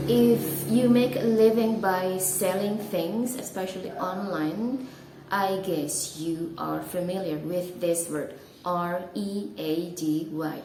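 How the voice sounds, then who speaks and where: A woman's voice: lowish voice, echoey room, noisy background. A woman from Indonesia with an Indonesian accent, teaching English pronunciation in a casual way and spelling words out carefully.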